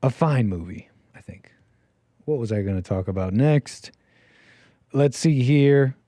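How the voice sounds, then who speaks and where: A man hosting a livestream call-in show, rambling and joking, getting loud and high when he hams up a story. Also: expressive, a little slow, no echo. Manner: jokey, rambling, swings loud and high for emphasis. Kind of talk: casual livestream talk.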